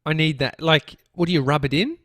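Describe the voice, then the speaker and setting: A man's voice: a little high, brisk, fairly bright tone, dry recording, clean studio sound. Playful Australian man bantering. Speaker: podcast co-host. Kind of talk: casual chat.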